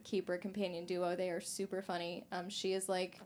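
A woman writer co-hosting a podcast, telling stories in a chatty, animated, giggly way. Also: lowish voice, fairly quick. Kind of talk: casual chat.

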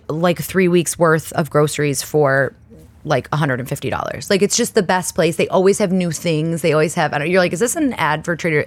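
A woman hosting her own show, chatting casually and rambling with lots of fillers and laughs. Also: low voice. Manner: laughs often mid-sentence. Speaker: podcast host. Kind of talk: casual solo chat. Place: indoor studio under lights.

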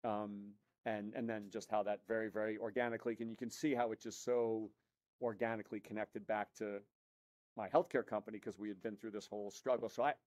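A man who is a guest entrepreneur on an interview podcast, telling an animated story and acting out the dialogue in it. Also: lowish voice, a little fast. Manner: animated, acts out dialogue in his anecdotes.

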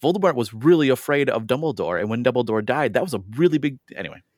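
A man co-hosting a podcast in casual chat, animated and quick to slip into playful character voices. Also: mid-range voice, no echo, studio quality. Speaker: podcast co-host.

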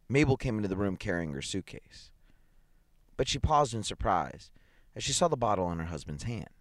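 A man reading a dramatic short story aloud in an expressive, measured way. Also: lowish voice, no room sound, clean studio sound. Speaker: story reader.

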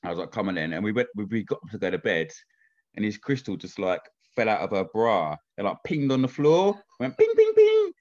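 A man with a fairly low voice chats casually at a brisk, animated clip, and the recording sounds lo-fi. He's chatty, swears freely, and keeps asking "do you know what I mean."

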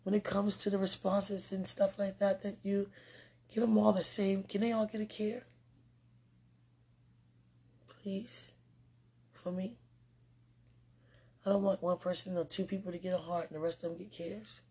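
Husky, gravelly woman speaking tenderly. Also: medium pitch, flat delivery, measured pace, long pauses, dark tone. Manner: affectionate, rambling, laughs often. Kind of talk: casual spoken message to a loved one.

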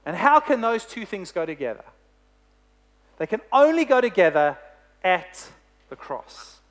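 A preacher delivering a sermon, telling a story with emphatic, deliberate phrasing. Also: mid-range voice.

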